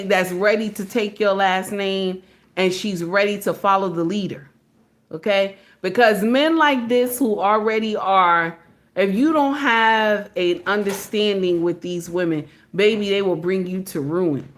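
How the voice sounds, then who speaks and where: A woman's voice: medium pitch, unhurried. Emphatic woman giving reaction commentary. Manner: emphatic, repeats points, says "okay?" and "baby".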